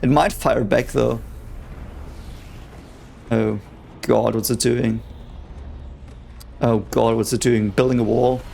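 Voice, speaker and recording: Gravelly excitable young man, swearing freely. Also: mid-range voice, slow, pauses often, a little hiss or hum. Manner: excitable, swears a lot, talks over the show. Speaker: reaction video host. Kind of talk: casual reaction commentary.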